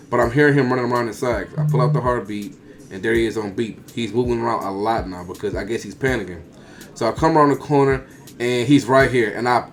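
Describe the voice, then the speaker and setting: Fast-talking man narrating his gameplay. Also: medium pitch. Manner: casual, rambling play-by-play with slang. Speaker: gaming video creator. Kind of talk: voice-over commentary on gameplay.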